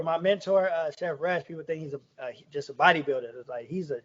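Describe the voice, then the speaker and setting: A man's voice: on the high side, fast, over a noisy crowd. A young adult man, a guest chef, chatting casually on a podcast and telling stories in slang, acting out what people said to him. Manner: slangy storytelling, acts out quoted dialogue. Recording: dull lo-fi podcast recording.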